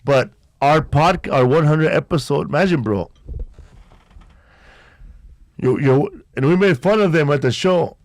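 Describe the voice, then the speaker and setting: A man hosts a casual podcast, speaking in an animated voice at a measured pace and pausing often, with no room sound. He tells stories in a laid-back, slangy, low-key way.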